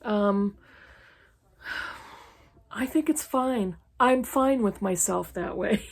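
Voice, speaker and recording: A woman's voice: mid-range voice, slow, gravelly, husky. A woman in her fifties from New England, chatting frankly through a list of questions with sarcastic asides. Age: 50s. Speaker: book YouTuber. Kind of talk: casual chat answering tag questions. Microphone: camera mic, reading from an e-reader.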